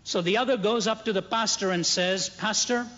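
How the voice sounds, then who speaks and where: A man preaching, telling a humorous story in a measured, dry-humored way. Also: sits high, steady tone, a bit bright. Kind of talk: sermon storytelling. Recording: dull, reverberant hall.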